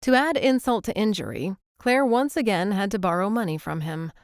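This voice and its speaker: A woman narrating a romance audiobook, smooth and gently expressive. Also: mid-range voice, moderate pace, dry recording, studio quality.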